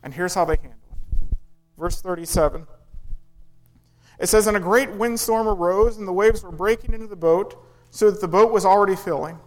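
A man's voice: sits high, normal speed, pauses often, rough recording. A man preaching a sermon in an earnest way, rising and falling for emphasis and acting out quoted pleas. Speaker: pastor.

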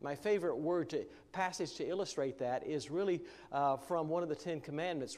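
A man preaching a sermon in a relaxed, conversational way, often pausing with fillers and restarting his sentences. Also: on the high side, long reverb tail. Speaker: pastor.

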